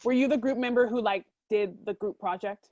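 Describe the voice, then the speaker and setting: A woman hosts a casual video-call interview and runs through quick questions with a teasing, playful edge. Her voice sits a little high. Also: a little mellow, muffled recording. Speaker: host.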